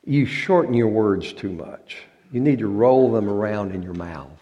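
A man with a drawl speaks in a church, in a low-pitched and mellow voice. His talk to the congregation is folksy and joking, and he stretches out words for effect. He sounds like a pastor talking with his flock instead of preaching at them. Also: expressive, measured pace, lo-fi sound. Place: church sanctuary.

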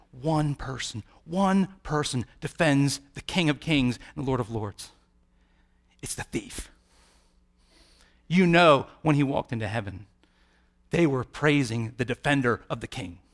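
A man preaching a sermon, rising to loud peaks and dropping to quiet, hushed lines, sometimes acting out the voices he quotes. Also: on the high side. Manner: dramatic swings from soft to loud.

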